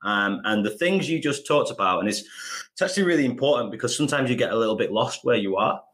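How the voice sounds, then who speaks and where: A man's voice: mid-range voice, expressive, quick pace, fairly bright tone. Friendly northern English man. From England. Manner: friendly, reflective, calls people mate. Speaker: podcast guest. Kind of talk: conversational interview.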